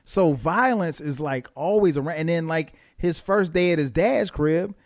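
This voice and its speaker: A man who is a guest on a casual podcast, telling lively stories and laughing often. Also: a little high, moderate pace, dry recording, studio quality. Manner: animated storytelling, laughs often.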